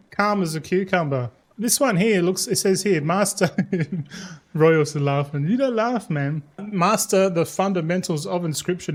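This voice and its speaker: A man streaming a game, chatting casually with viewers in a rambling, laid-back way, swearing freely and restarting his words. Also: fairly high pitch. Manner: slangy and laid-back, says mate and bro.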